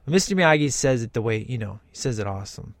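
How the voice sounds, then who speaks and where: A man giving casual, excited commentary while watching a film, often acting out the characters. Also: mid-range voice, fast, creaky, no echo. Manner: excited, enthusiastic, imitates characters. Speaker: host reacting to a film.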